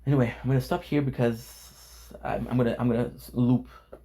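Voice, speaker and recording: A man with a gravelly, low-fry voice vents casually to his camera. His talk is frustrated and full of swearing, and he circles back over the same words again and again. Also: fairly even intonation, a little fast, dark tone, low-quality recording. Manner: frustrated, swearing, repeats himself. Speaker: vlogger. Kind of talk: casual venting vlog.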